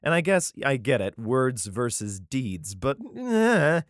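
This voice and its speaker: A man's voice: medium pitch, big pitch swings, slow, no echo, studio quality. A man reading scripture aloud and breaking off for irreverent, swearing comic commentary. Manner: irreverent, profane asides, frequent laughs. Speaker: reader.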